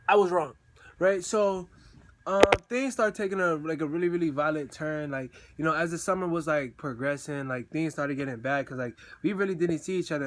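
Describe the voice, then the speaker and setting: A young man telling a personal story in a casual, slangy way, acting out the messages he sent in quoted voices. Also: fairly high pitch. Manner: slangy, animated, acts out texts in quoted voices.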